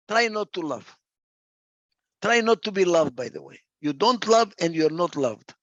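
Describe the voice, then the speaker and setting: A man's voice: sits high, lively intonation, a little slow, a bit bright, dry recording, highs cut off. A man giving a reflective talk. He stresses points by repeating phrases, and sometimes stalls over a word and starts again. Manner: gets lost for a word and restarts. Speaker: speaker.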